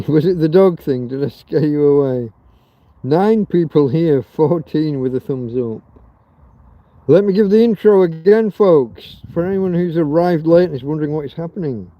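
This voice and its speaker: A man's voice: a little high, lively intonation, moderate pace, no echo, lo-fi sound. A man from Britain hosting a rambling livestream chat, crude and joking, swearing freely. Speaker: livestream host. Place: outdoors in a field in Spain.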